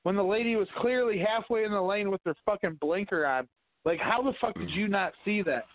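A podcast co-host with a high-sitting voice talks a little fast in a casual chat, ranting, swearing, telling stories and arguing. The audio is dry and tinny, like a phone line.

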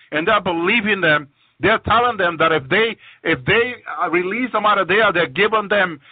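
A man with a high-sitting voice gives a fervent religious testimony about his visions, often repeating words as he restarts. He is a guest on a religious program, heard over tinny, dry phone-line audio with no room sound.

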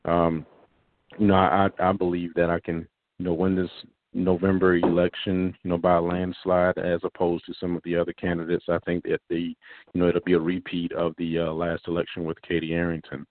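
A man's voice: low voice, monotone, brisk, no echo. A man running for Congress, answering interview questions over the phone, with many fillers and restarts. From South Carolina Low Country. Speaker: congressional candidate. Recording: phone line.

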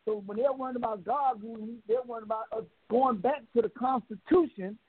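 A man's voice: very high voice, fairly quick, husky, no echo. Fiery man ranting on a phone line. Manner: fiery, preachy, repeats himself. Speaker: caller. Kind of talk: heated call-in rant.

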